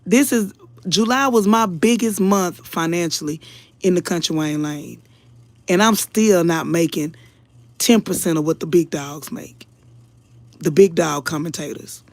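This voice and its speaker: In a lowish, slightly mellow voice at a measured pace, a woman commentator addresses her online audience casually but earnestly. She gets emotional and somewhat preachy, repeatedly calling them y'all. The recording is dry.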